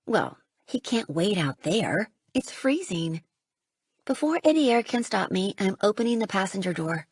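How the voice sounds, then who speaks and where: Female audiobook narrator, mid pitch, husky texture, dry booth. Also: big pitch swings, measured pace, dry recording. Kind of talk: first-person audiobook narration.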